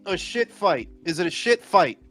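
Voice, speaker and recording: A man hosting a casual late-night boxing chat, loud and joking, calling on each guest in turn. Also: sits high, big pitch swings, moderate pace, soft background music. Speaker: podcast host.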